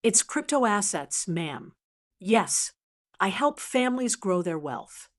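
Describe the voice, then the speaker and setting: A woman voicing a slick, desperate male con man who talks in smooth sales patter and turns to hissed pleading. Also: mid-range voice, big pitch swings, slow pace.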